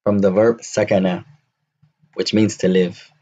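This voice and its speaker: A man teaching an Arabic lesson, repeating words slowly and drilling phrases to his students. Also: on the low side, flat delivery, warm tone, lo-fi sound. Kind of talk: classroom lesson.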